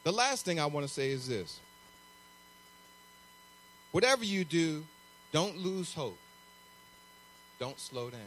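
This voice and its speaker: High-voiced animated male pastor preaching. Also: takes it slowly, pauses often, slight background noise. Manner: animated, conversational preaching with acted-out asides. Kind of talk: sermon.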